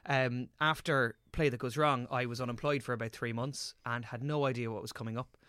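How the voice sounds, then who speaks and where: A man of twenty-seven, an actor chatting as a podcast guest and telling animated stories, swearing casually. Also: mid-range voice, a little fast, smooth, no room sound, studio quality.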